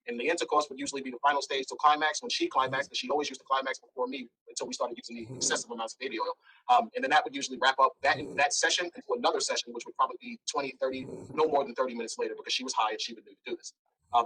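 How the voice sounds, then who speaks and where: A man's voice: mid-range voice, breathy edge, poor audio. A man speaking as an interview guest, telling a blunt, candid story and acting out the dialogue. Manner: blunt, animated, acts out dialogue.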